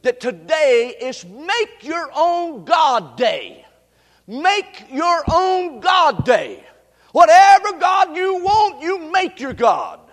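High-voiced preacher in an echoing hall. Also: male voice, big pitch swings, slow. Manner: emphatic, repetitive preaching with rising shouts. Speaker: pastor. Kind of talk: sermon. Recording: long reverb in a large hall.

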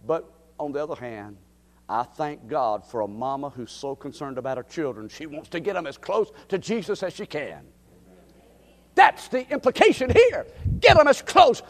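Preacher swinging from hush to shout. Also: male voice, a little high, big pitch swings, moderate pace, big-room sound. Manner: dramatic swings from hushed to shouting. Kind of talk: sermon.

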